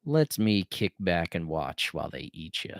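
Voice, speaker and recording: A man voicing a cocky, easygoing Southern Air Force controller with a slow, laid-back drawl. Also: low-pitched, very animated, creaky, no room sound, studio quality, full character voice. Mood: confiding. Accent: Southern US drawl, put on.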